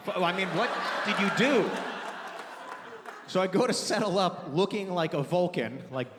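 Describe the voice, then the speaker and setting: A male stand-up comic tells stories on stage in a somewhat high voice, acting out both sides of each exchange. His voice carries a long reverb from the live venue, with audience laughter behind him. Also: moderate pace, very noisy. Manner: conversational storytelling, acting out both sides of dialogue. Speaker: stand-up comedian. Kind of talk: stand-up comedy set.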